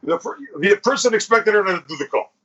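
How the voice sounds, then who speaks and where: A male podcast host swaps crude, profane stories in casual chat. His voice is bright and a little husky. He talks a bit high, and the recording is dull and lo-fi. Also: expressive, fairly quick. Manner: crude, profane storytelling, acts out quotes.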